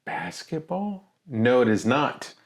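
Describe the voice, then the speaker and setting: A man's voice: on the high side, lively intonation, takes it slowly, vocal fry, echoey room. A man co-hosting a casual whisky podcast, answering in laid-back, wry short replies. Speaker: co-host.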